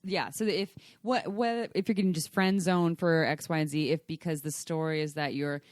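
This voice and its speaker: A woman's voice: sits low, steady tone, moderate pace, dry recording, clean studio sound. A woman co-hosting a podcast, chatting casually in an earnest, rambling way. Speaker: podcast co-host. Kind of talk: casual chat.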